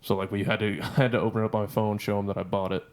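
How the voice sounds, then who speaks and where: A man's voice: fairly low pitch, level tone, fast. A man in his twenties, a podcast co-host, telling a story in casual, profane, rambling chat.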